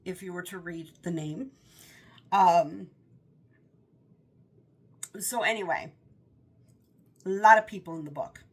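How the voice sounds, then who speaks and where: A woman's voice: mid-range voice, unhurried, long pauses, husky. A woman giving a casual, rambling book review, often stopping to correct herself. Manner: rambling, self-correcting with fillers.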